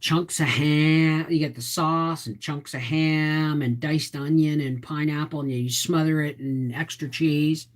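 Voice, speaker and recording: Low-voiced Canadian woman chatting on a livestream. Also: steady tone, unhurried, few pauses. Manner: chatty, reads viewer comments aloud and answers them. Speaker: livestream host. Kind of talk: casual livestream chat.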